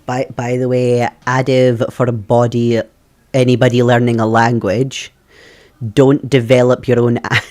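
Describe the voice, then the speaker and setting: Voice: mid-range voice, flat delivery, measured pace, a little mellow. Giggly streamer chatting at a home desk. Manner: giggly, laughs often between remarks. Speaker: game streamer chatting with viewers. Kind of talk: casual live-stream chat.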